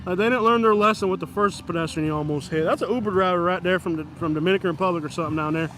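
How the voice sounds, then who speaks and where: A man's voice: sits high, rapid-fire, fairly bright tone, slight background noise. A man live-streaming outdoors on a busy street, joking with chat and mock-scolding passing drivers. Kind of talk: live-stream vlog, commenting on passers-by.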